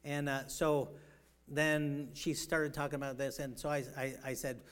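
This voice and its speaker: A man preaching a sermon in a rambling way, with many fillers and restarts, swinging from loud emphatic bursts to quiet storytelling. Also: fairly high pitch, level tone, unhurried, clean tone. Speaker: pastor.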